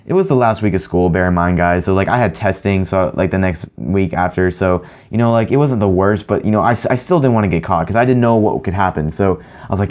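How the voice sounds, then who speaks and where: A man's voice: low-pitched, expressive, fast talker, few pauses, a little mellow, lo-fi sound. A young man telling a story to his viewers in a rambling, profane way, full of filler words. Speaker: vlogger. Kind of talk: casual storytelling to camera.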